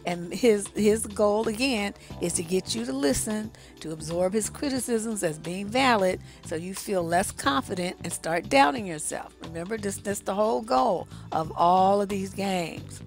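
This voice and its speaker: A woman's voice: medium pitch, lively intonation, normal speed, gravelly, few pauses, faint music behind. A woman relationship coach giving blunt, profane, conversational advice straight to her audience. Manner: conversational, addresses the audience directly. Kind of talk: casual advice monologue.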